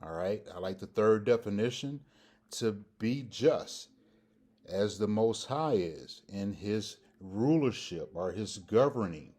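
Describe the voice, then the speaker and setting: A man's voice: on the low side, animated, takes it slowly, darkish tone. A man teaching a Hebrew grammar lesson, who repeats each pronunciation several times and asks his listeners rhetorical questions. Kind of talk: slow, deliberate grammar lesson.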